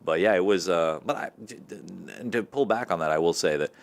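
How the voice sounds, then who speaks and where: A man's voice: sits low, brisk. A young man, a comedian from the American South with a light Southern accent, talking candidly and easily about his life. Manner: relaxed, candid storytelling. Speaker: comedian guest. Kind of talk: casual interview chat.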